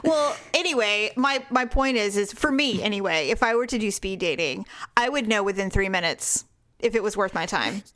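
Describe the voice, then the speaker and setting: A woman's voice: medium pitch, lively intonation, normal speed, a bit bright. A woman co-hosting a podcast in casual chat, wry and opinionated, laughing often. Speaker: podcast co-host.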